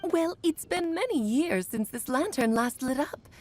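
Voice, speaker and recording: A woman's voice: mid-range voice, big pitch swings, unhurried, slight background noise. A woman voicing a grand, playful female mage in a video game, with a theatrical, teasing storyteller's manner.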